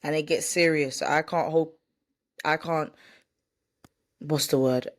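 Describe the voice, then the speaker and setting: This woman's voice sits low, and she speaks unhurriedly with fairly even intonation. In her casual vlog she rambles candidly to camera, fixes her own slips, and sometimes reads from a script.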